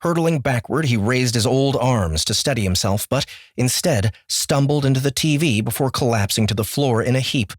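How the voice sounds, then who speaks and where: A man narrating an audiobook in a measured, clear voice. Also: mid-range voice, no echo, studio quality. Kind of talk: scripted narration.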